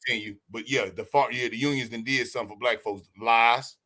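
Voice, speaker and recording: A man's voice: mid-range voice, fairly even intonation, brisk, sharp tone. A man calling in to a show, chatting casually and restarting his phrases. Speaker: guest on call. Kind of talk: casual chat.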